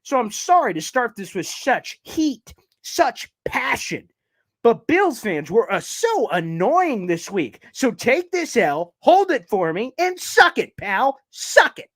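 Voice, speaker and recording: A sports show host runs a live fan recap show, delivering fired-up, taunting rants with big pitch jumps while a little out of breath. He sounds very animated yet speaks slowly, in a dry recording.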